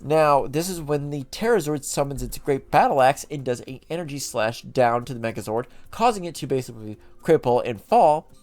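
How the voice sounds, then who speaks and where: A man's voice: mid-range voice, expressive, moderate pace, few pauses, a little mellow. A man casually recapping show lore as a channel host, chatty and rambling, often correcting himself mid-sentence.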